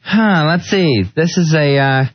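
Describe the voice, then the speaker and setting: A man's voice: fairly high pitch, measured pace, muffled recording. A male radio co-host bantering casually in a giggly, sing-song, joking way.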